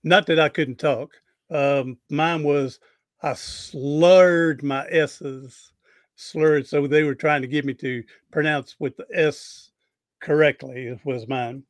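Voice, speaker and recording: A man's voice: a little high, fairly even intonation, unhurried, dry recording. A man hosting a podcast interview, telling rambling, folksy anecdotes with frequent restarts. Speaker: podcast host. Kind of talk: casual interview storytelling.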